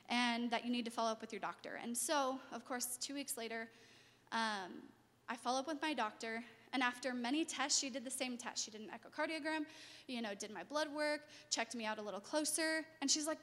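High-voiced woman telling her story in a reverberant hall. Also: brisk. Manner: animated storytelling, acts out quoted voices, laughs. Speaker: speaker sharing a testimony. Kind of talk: personal testimony talk.

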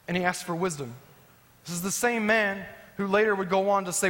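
A man preaching as a pastor, swinging between emphatic rising lines and soft, low endings. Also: a little fast. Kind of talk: sermon. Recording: long hall reverb.

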